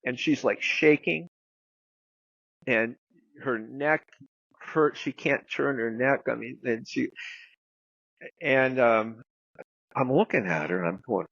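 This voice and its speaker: A man's voice: mid-range voice, slow pace, creaky, long pauses, a bit bright, dry recording, highs cut off. A man guest telling a long story in casual, rambling talk, full of fillers and the odd swear word. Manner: rambling anecdote with many fillers and some swearing. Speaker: guest therapist.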